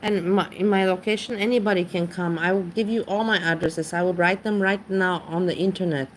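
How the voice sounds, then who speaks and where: A woman's voice: fairly low pitch, fairly even intonation, brisk, a little hiss or hum. A woman chatting casually on her livestream, rambling and greeting viewers in chat by name. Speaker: livestream host. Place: home.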